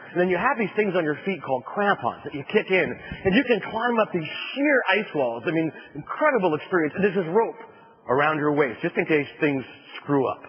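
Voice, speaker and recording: Man, from New Jersey, motivational speaker, comic storytelling, slightly high voice, husky. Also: long reverb tail, muffled recording. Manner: animated, comic storytelling with punchlines and acted-out shouts. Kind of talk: storytelling keynote speech.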